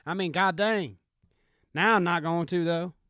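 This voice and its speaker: A man's voice: sits high, a little slow, fairly bright tone, smooth, no room sound, studio quality. A man voicing an angry, swearing country redneck farmer in a put-on Southern accent. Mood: indignant. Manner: drawling, swearing, indignant.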